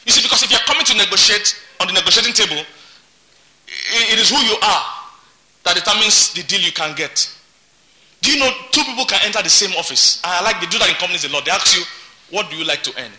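A man's voice: high-pitched, lively intonation, quick pace, pushed and bright. A man preaching a sermon as pastor, emphatic and repeating his words. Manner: emphatic, repeats words, laughs between points.

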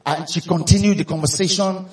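A man with a Nigerian accent preaching a sermon, telling stories with animation and rising to shouts for emphasis. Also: high voice, steady tone, brisk. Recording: echoey hall from a distance.

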